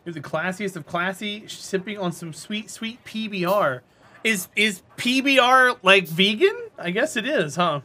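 A man's voice: high voice, expressive, a little slow, bright, forceful tone. A man streaming a game, chatting casually and teasing his viewers with jokes. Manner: joking, teasing chat banter.

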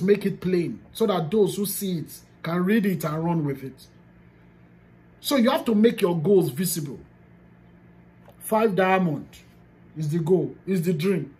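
A Nigerian business coach with a lowish, darkish voice gives her team a motivational teaching talk. She speaks emphatically, drives home key phrases by repeating them, and occasionally slips into pidgin.

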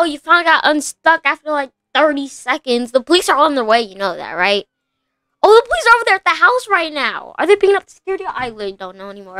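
Young female gaming host, bright high voice, excitable play-by-play commentary. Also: dry recording, studio quality. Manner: breathless, frequent exclamations.

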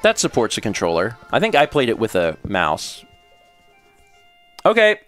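A man's voice: fairly low pitch, wildly swooping pitch, normal speed, fairly bright tone, faint music behind. A man hosting a casual game stream, thinking aloud and laughing often as he sets up. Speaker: streamer host. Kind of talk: casual chat while setting up a game stream. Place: home streaming setup.

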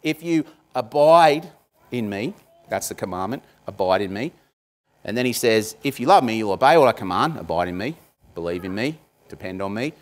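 A man's voice: fairly low pitch, animated, brisk. A man, a pastor, giving a conversational sermon, with frequent asides to the congregation.

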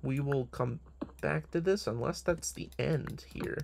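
A man's voice: medium pitch, unhurried, creaky, darkish tone, slight background noise. A young man giving casual, profane, joking commentary on his own game, talking to himself as he plays. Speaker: gamer.

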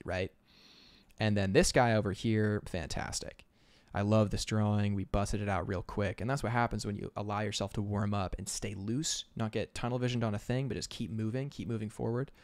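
A man's voice: fairly low pitch, steady tone, moderate pace, dry recording. A man chatting casually on an art livestream, upbeat and chatty, laughing often. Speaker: concept artist streamer.

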